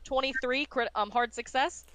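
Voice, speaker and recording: A woman's voice: high voice, moderate pace, a bit bright, smooth. A woman playing a tabletop game, hesitantly asking about dice and rules. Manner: hesitant, asks which die to use. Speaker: player. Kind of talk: casual tabletop game play.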